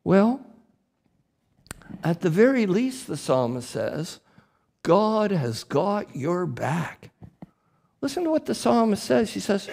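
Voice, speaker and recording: Male priest preaching in church, very unhurried and deliberate delivery, emphatic lifts. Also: high-pitched, big pitch swings, gravelly, a little mellow. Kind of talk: sermon.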